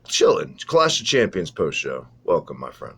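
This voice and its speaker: A man's voice: extremely low pitch, wildly swooping pitch, normal speed, fairly bright tone, slightly rough. A man hosting a casual wrestling podcast, talking in a profane, sarcastic, rambling way. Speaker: podcast host.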